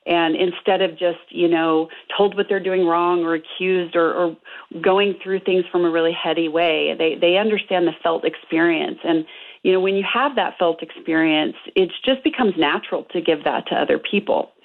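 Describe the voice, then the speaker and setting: A woman's voice: lowish voice, fairly even intonation, moderate pace. A middle-aged woman, a couples therapist, explaining earnestly as a radio guest over the phone, with many fillers. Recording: tinny phone line.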